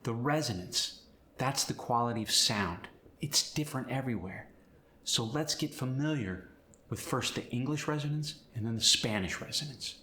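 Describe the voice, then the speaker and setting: A man teaching pronunciation as an accent coach, demonstrating sounds in an animated, hands-on way. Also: mid-range voice, moderate pace, reverberant, a little hiss or hum. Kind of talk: instructional pronunciation tutorial.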